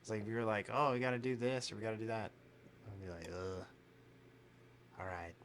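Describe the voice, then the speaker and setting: Podcast co-host, man, bright tone, loose casual storyteller who swears and plays out the quotes. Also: lowish voice, rapid-fire, a little hiss or hum. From United States. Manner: animated storyteller, acts out quotes, swears freely. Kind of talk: casual chat.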